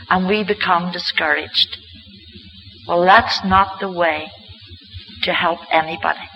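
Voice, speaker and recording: A man's voice: sits high, steady tone, a little slow, highs cut off, a little hiss or hum. A man giving a church lecture, telling healing stories with an earnest, emphatic storytelling manner. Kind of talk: storytelling sermon talk.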